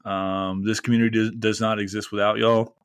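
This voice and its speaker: A man's voice: lowish voice, flat delivery, brisk, smooth, no room sound. A man hosting a podcast in a casual, rambling and heartfelt monologue, close to tears. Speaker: podcast host.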